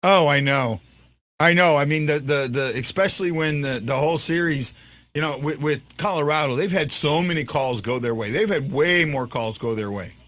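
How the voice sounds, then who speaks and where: A man's voice: on the high side, moderate pace, fairly bright tone, no room sound. A man hosting a fan show, talking casually and rambling, repeating himself and teasing his viewers as he reacts to a game. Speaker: fan podcast host. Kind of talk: casual live-stream commentary.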